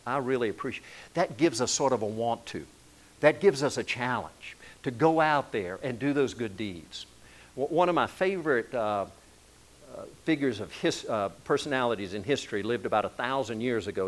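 A male pastor delivering a sermon in a relaxed, conversational style. He tells stories and talks to the congregation plainly, often restarting a phrase mid-thought. His voice sits in an ordinary middle pitch for a man. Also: moderate pace, rough recording. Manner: conversational storytelling preacher, frequent restarts.

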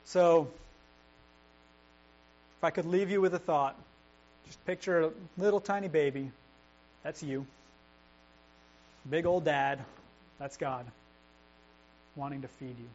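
A man's voice: a little high, steady tone, takes it slowly, long pauses, a little mellow. Earnest preaching man, lo-fi hum. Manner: earnest, conversational preaching with frequent restarts. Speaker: pastor. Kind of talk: sermon. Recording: dull lo-fi recording with mains hum.

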